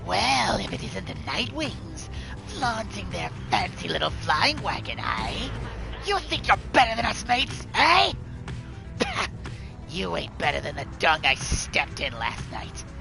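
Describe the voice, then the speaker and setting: A man voicing a brash, crude male brawler who taunts roughly, over game music. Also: sits high, huge pitch swings, slow pace, heavily acted. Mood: taunting.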